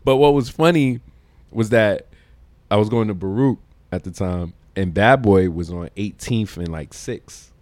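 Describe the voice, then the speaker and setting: A man, a podcast guest telling slangy, animated stories and laughing often. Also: on the low side, measured pace, no echo. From Brooklyn, New York. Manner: animated, slangy storyteller who acts out quotes and laughs often. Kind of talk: casual storytelling interview.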